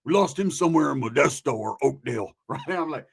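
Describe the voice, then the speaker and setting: A man telling crude, animated stories in a casual, profane way, often tagging right? onto his lines. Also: mid-range voice, quick pace, creaky, slightly rough. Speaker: podcast host telling stories.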